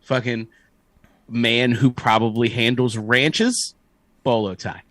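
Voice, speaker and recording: A man co-hosting a podcast, telling stories in an animated, profane way and often laughing. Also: medium pitch, slow, dry recording. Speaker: podcast co-host. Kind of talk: casual chat.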